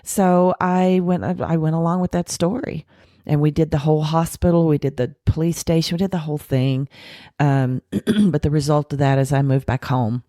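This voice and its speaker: A woman with a notably deep voice recounts her past with blunt candor, animating the people she quotes. When she makes a point she slows and softens her delivery. The sound is dry and close, with no room around it. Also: no room sound. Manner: frank, animated retelling with acted quotes and self-deprecating laughs. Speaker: podcast guest. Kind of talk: candid recovery storytelling.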